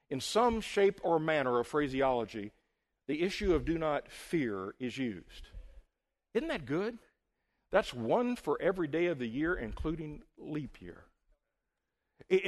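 A man preaching a sermon as pastor, emphatic, swelling loud and then dropping low.

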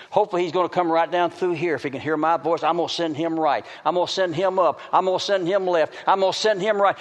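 A man's voice: on the high side, fairly even intonation, quick pace, few pauses. Preacher man in a big echoing hall. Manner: swings between loud calls and hushed pleading. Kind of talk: sermon. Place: large hall with an audience. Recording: reverberant hall.

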